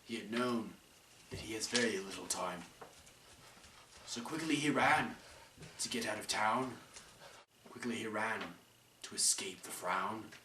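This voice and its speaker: A man's voice: on the low side, measured pace, long pauses. A young man narrating an amateur rhymed story in a playful, sing-song way. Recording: roomy, distant mic, faint noise.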